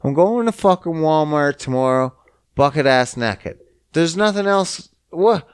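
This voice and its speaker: A man's voice: fairly high pitch, lively intonation, a little slow, clean tone, no echo, clean studio sound. A young man from Canada hosting a podcast, ranting in a profane, exasperated and mocking way. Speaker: podcast host. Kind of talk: casual solo rant.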